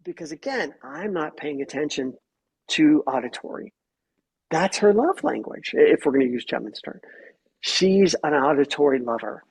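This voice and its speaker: A middle-aged man talks as a podcast guest in a slightly high, husky voice. He explains his points with lively stories and slips into acted-out quoted lines. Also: moderate pace. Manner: animated storyteller who acts out quoted voices. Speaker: guest therapist and author. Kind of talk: podcast interview.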